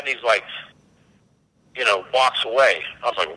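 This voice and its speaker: A man, a company CEO and podcast guest, telling animated anecdotes and acting out the dialogue. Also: mid-range voice, moderate pace, long pauses, low-quality recording. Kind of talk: casual storytelling.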